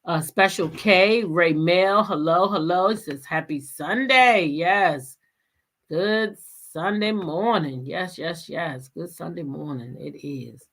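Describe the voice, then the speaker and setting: A woman's voice: lowish voice, fairly bright tone. Chatty woman hosting a livestream. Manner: chatty, laughs often, drawn-out greetings. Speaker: channel host. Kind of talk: casual livestream chat greeting viewers.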